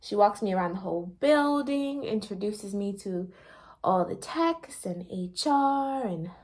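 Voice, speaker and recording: A woman's voice: medium pitch, animated, unhurried, a little mellow. A pregnant woman, chatting animatedly with viewers in a casual storytelling vlog and laughing often. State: pregnant, briefly out of breath. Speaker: vlogger.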